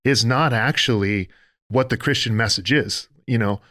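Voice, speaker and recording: A man's voice: medium pitch, moderate pace, sharp tone, no echo, clean studio sound. A man co-hosting a faith-based podcast discussion, speaking earnestly in a preacher-like way and building his points in lists. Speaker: podcast co-host.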